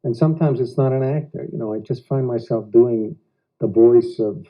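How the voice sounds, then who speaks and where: An American actor being interviewed at home, speaking reflectively in halting phrases with odd pauses. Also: male voice, medium pitch. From United States. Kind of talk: casual interview talk. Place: living room of a private house. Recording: dull lo-fi 1990s home video.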